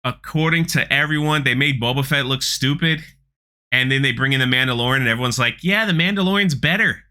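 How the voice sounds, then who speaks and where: A man's voice: mid-range voice, steady tone, fairly quick, sharp tone, clear, resonant tone. A man hosting his channel, giving sarcastic, ranting commentary on a trailer with frequent restarts. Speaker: channel host.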